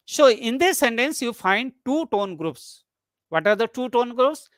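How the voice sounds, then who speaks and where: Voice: medium pitch, sing-song, moderate pace, a bit bright, dry recording, studio quality. Lecturer explaining phonetics in a webinar. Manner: explanatory, repeats points, asks rhetorical questions.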